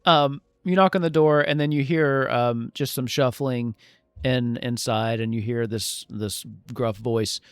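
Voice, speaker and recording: A man in a mid-range voice runs a tabletop game, painting scenes slowly and wandering through his descriptions. The sound is close and dry, with no room around it. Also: medium pitch, steady tone, clear, resonant tone, no room sound. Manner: descriptive, meandering. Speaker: game master.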